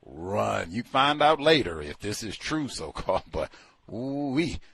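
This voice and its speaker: Animated man with a husky voice. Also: mid-range voice, unhurried, dry recording. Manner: animated, full of rhetorical questions. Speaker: book commentator. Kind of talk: casual spoken book review.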